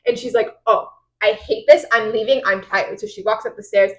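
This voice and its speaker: A woman's voice: medium pitch, fairly even intonation, a little fast, rough recording. A woman recapping a novel's chapters in casual, rambling podcast chat, acting out the characters' lines. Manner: rambling retelling with quoted voices. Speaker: podcast host.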